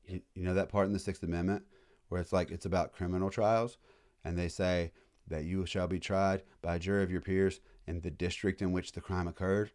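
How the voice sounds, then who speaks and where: Low-voiced casual male history lecturer. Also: level tone, a little fast, darkish tone. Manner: casual, jokey, acts out voices of historical groups. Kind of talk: classroom lecture. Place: classroom.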